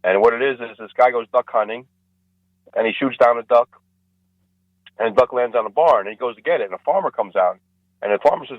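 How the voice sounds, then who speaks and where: Male comedian guest, lively joke-teller, muffled dry radio audio. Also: fast talker, pauses often, no echo. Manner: animated joke-telling, acts out characters with rising pitch. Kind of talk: radio interview storytelling. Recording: dull lo-fi radio sound, dry.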